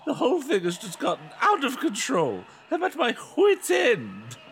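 Exasperated mother, shrill scolding, a man doing it, bouncing pitch. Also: huge pitch swings, normal speed, a bit bright, slight background noise, exaggerated voice. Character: exasperated mother at her wit's end.

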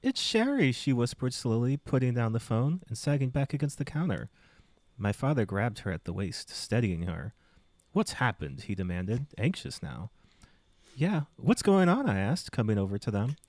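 A man's voice: mid-range voice, normal speed, a little mellow, no echo. A man reading a book aloud as a podcast co-host, with playful emphasis. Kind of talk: comic read-aloud.

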